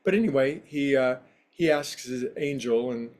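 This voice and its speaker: Man, yoga teacher, casual spiritual talk, anecdotal, rambling, mid-range pitch. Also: normal speed, darkish tone. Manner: rambling, anecdotal, conversational with fillers.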